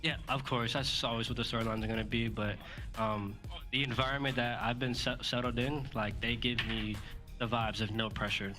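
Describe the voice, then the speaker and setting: A male player answers interview questions on the broadcast in a slow, easygoing way. His voice is monotone and bright, with faint music playing underneath. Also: medium pitch. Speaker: pro player, interview guest.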